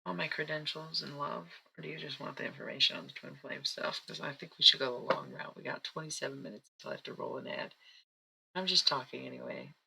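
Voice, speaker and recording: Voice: medium pitch, steady tone, quick pace, gravelly, background noise. A live-stream psychic and astrology reader talking in a casual, rambling, chatty way, often breaking off mid-sentence. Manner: rambling, chatty, self-interrupting.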